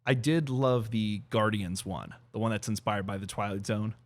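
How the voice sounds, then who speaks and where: A man's voice: fairly low pitch, moderate pace. A man co-hosting a podcast in easygoing casual chat, often stopping to search for words. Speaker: podcast co-host.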